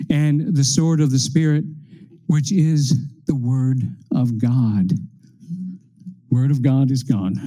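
A man delivering a sermon at an unhurried, deliberate pace. His voice is deeply dark and mellow. He works steadily through a list of numbered points. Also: low-quality recording. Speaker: preacher.

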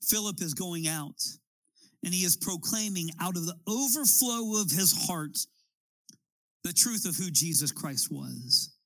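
Man, pastor, sermon, emphatic, bright tense tone, dry close sound. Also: high-pitched, animated, a little slow, no echo, poor audio. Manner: emphatic preaching with rising appeals.

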